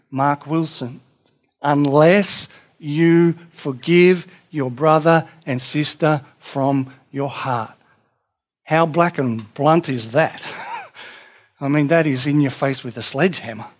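A man preaching a sermon in an earnest, conversational way, acting out little dialogues as he goes. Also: medium pitch. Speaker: pastor.

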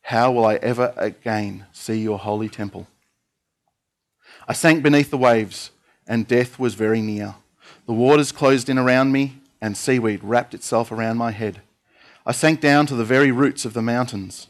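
A man's voice: medium pitch, moderate pace, lightly acted. A man voicing a prophet's earnest prayer of distress, reading it aloud in a fairly plain voice.

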